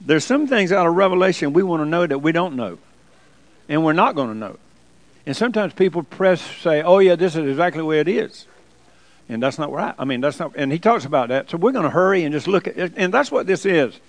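A man's voice: fairly high pitch, lively intonation, brisk, no room sound. A man preaching a sermon, folksy and emphatic by turns.

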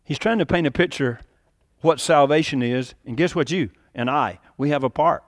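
Male pastor, high pitched, dramatic sermon delivery, dry close recording. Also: moderate pace, no room sound. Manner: animated preaching, acting out quotes with sudden rises and drops.

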